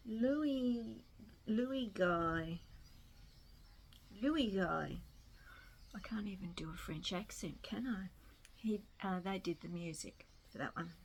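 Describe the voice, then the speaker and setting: An Australian woman talking casually to camera at home in a rambling, self-deprecating way. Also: medium pitch. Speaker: vlogger. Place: home in Melbourne.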